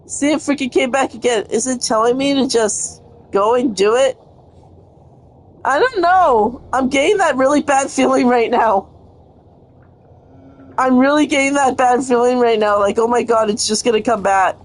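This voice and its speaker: A woman's voice: sits high, normal speed. Cursing frustrated woman gamer. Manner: frustrated, cursing, talks to the game. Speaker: gaming streamer. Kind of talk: live gameplay commentary.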